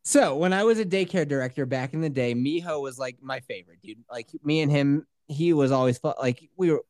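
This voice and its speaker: A man's voice: fairly high pitch, a little fast, a little mellow, no room sound, studio quality. A young man co-hosting a podcast, telling a story in a rambling way, swearing and laughing a lot. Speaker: podcast co-host. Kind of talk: casual storytelling chat.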